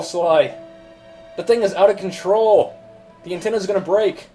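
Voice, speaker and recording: A man's voice: high voice, measured pace, pauses often, dark tone, soft background music. Chatty man narrating gameplay. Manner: chatty, thinks aloud. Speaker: let's play host. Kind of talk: gameplay commentary.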